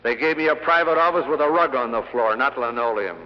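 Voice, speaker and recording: A man's voice: medium pitch, quick pace. Middle-aged man telling punchy sales stories. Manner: punchy storytelling with dry humor. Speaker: sales lecturer. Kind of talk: after-dinner sales speech with anecdotes. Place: lecture hall with an audience. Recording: dull 1960 LP of a hall speech.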